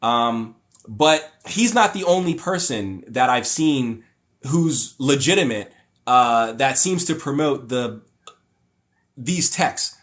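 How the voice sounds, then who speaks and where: A young man talks off the cuff on a livestream, reading viewer comments aloud and answering them. His voice sits at an ordinary pitch, and he rambles, stops to restart sentences, and gets worked up when he disagrees. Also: lively intonation, takes it slowly, a bit bright. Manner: rambling and opinionated, with frequent fillers and restarts; mocking voices when paraphrasing others. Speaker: livestream host.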